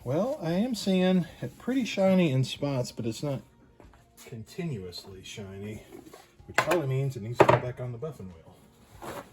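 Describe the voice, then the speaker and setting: A man giving a casual workshop demonstration as a pinball restorer, thinking aloud in a loose, unhurried way. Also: mid-range voice, big pitch swings, heavy background noise. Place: home workshop at a workbench.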